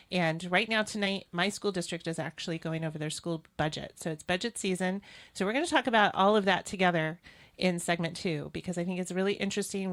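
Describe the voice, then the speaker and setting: A woman hosting a political talk show, speaking in an earnest, opinionated, conversational way. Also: on the low side. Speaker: host.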